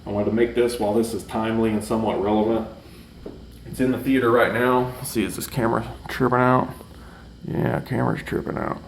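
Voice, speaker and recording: A man's voice: fairly low pitch, steady tone, fairly quick, vocal fry, slight background noise. A man casually reviewing a movie for his channel, rambling with lots of fillers and restarts. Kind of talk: casual chat. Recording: roomy echo, mic at a distance.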